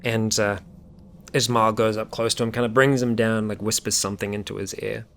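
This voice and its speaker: A man's voice: lowish voice, flat delivery, a little fast, vocal fry, fairly bright tone, a little hiss or hum. A man narrating a tabletop game as game master, describing scenes in a rambling way full of fillers.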